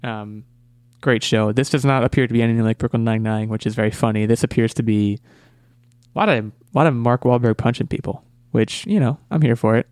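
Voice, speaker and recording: A man's voice: medium pitch, brisk, a little mellow, no room sound, clean studio sound. A man hosting a casual movie podcast, talking eagerly and often repeating words as he restarts. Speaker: podcast host.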